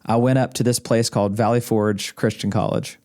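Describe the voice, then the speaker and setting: A warm, lowish male voice moves a little fast with fairly even intonation. The speaker, from Arkansas, USA, guests on his wife's podcast, rambling through casual stories with frequent chuckles and restarted sentences. He's indoors in a podcast studio room.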